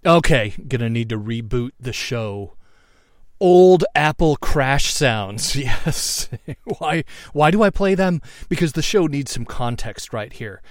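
A man's voice: medium pitch, no echo, studio quality. A man hosting a podcast in a loose, joking way, laughing and swearing in his asides. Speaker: podcast host. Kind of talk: casual podcast commentary.

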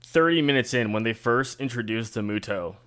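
A man appearing as a guest on a casual podcast, laying out his points in steady, wry explanations. His voice sits at an ordinary middle pitch for a man. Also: a little fast, slight background noise.

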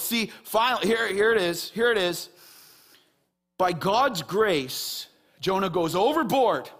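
A man preaching a sermon as pastor, animated, swinging between raised emphasis and quiet, earnest stretches. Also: high voice, slow.

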